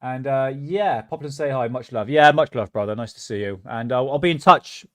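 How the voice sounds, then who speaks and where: A man's voice: mid-range voice, brisk, no room sound, clean studio sound. A man hosting a livestream, chatting casually and mocking what he watches, often laughing. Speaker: livestream host.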